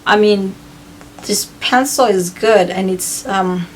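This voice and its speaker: A woman's voice: medium pitch, slow, a little hiss or hum. A woman vlogger chatting casually through a review of used-up beauty products, with frequent fillers and repeated words. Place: home in Hawaii.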